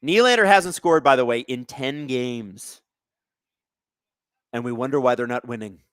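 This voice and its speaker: A man hosting a live hockey watch-along stream, commenting casually on the play and reading chat, excitable and sarcastic, swearing at the refs. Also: mid-range voice, a little slow, clean tone, no room sound, clean studio sound.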